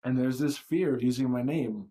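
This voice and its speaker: A man's voice: mid-range voice, moderate pace, mellow. A man hosting a livestream, talking in a blunt, profane and self-reflective way. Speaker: livestream host. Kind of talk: candid livestream monologue.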